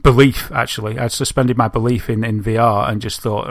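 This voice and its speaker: A man, co-hosting a podcast and telling an animated story, laughing often. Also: mid-range voice, brisk, few pauses, no echo. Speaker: podcast co-host. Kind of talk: casual chat, telling an anecdote.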